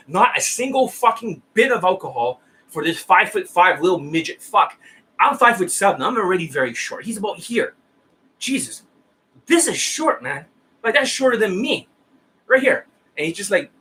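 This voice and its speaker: A hoarse man lecturing his viewers as a dating coach, profane and combative, firing off rhetorical questions. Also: high voice, sharp tone. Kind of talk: ranting monologue to viewers.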